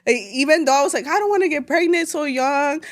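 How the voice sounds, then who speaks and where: A woman's voice: sits high, fast. A woman in her twenties from El Salvador, telling her story casually as a podcast guest, with frequent fillers and switches between English and Spanish.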